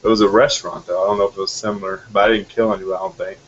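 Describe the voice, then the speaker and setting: A man in casual chat, speaking hesitantly with many pauses and fillers. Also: on the low side, fairly even intonation, fairly bright tone, muffled recording, a little hiss or hum.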